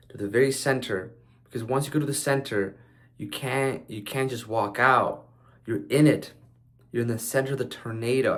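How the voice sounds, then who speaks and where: A man giving a casual motivational monologue, loose and conversational, with frequent fillers and restarts and some blunt swearing. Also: medium pitch. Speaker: speaker sharing life advice.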